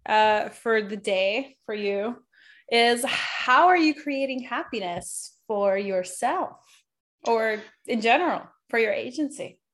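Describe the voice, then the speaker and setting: A woman co-host with a somewhat high voice puts questions to a guest. She is friendly and measured in how she speaks. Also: expressive, a bit bright. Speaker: podcast co-host. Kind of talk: casual interview chat.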